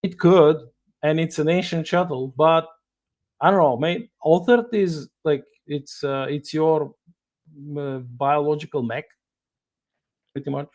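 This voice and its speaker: A man acting as game master, explaining rules in a halting, casual way. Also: a little high, fairly even intonation, a little mellow. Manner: hesitant, lots of fillers and restarts. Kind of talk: casual tabletop game narration.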